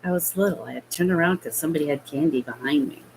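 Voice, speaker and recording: Low-voiced lady slowly telling a story, lots of ums, bit of hiss. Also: gravelly, darkish tone, poor audio. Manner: slow, hesitant, halting with fillers. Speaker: vlogger. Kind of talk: personal storytelling.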